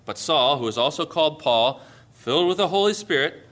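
A male pastor preaching a sermon, reading scripture aloud and driving his points home with emphatic, forceful delivery. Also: a little high, animated, fairly quick.

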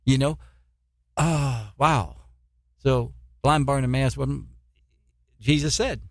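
A man's voice: mid-range voice, slow, long pauses, no room sound, studio quality. A man preaching a sermon as a missionary, fervent, full of rhetorical questions and repeated words.

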